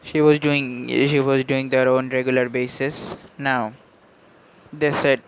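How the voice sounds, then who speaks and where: A man casually narrating a fan story, rambling on and often correcting himself mid-sentence with a curse or two. His voice sits at a middle pitch, with faint noise behind. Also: level tone, slow pace, low-quality recording. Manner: rambling, self-correcting, swears.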